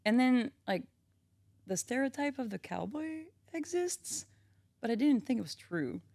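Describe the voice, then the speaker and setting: A woman's voice: high-pitched, big pitch swings, a little slow, gravelly, mellow, no echo. A woman from France in her thirties with a French accent, chatting casually as a podcast guest and filling her talk with "like.". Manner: chatty, many fillers like "like". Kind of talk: casual chat.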